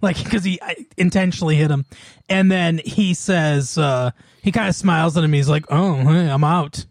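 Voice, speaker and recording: A man's voice: on the high side, normal speed, no room sound, studio quality. A man co-hosting a podcast in casual chat, laughing often and rattling off lists. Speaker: podcast co-host.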